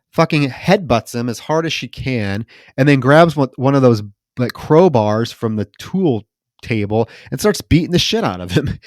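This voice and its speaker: A man co-hosting a horror film podcast, recapping scenes in a casual, animated way and acting out the characters' lines. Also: on the high side, no room sound, clean studio sound. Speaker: podcast co-host.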